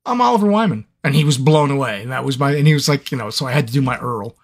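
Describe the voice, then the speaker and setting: A man's voice: medium pitch, fast talker, husky. A man who narrates audiobooks, chatting playfully with fans in a live Q&A stream and telling stories. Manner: animated, playful storyteller. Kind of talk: live fan Q&A chat.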